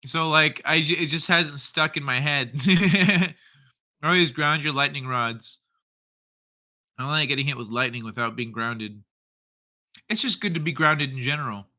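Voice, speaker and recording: A man hosting a casual livestream who reads his viewers' comments aloud. He jokes and chuckles as he goes. His voice is very bright and slightly high, and he takes his time with every line. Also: a little slow, long pauses. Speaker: livestream host.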